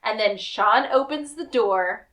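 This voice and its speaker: Animated woman recapping with bright laughs. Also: on the high side, slow pace. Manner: animated, acts out quotes with laughs. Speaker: podcast co-host. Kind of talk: casual recap chat.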